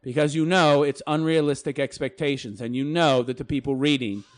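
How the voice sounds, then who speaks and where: A man's voice: fairly high pitch, steady tone, fairly quick. A man ranting in a reaction commentary, crude and sneering, swearing heavily.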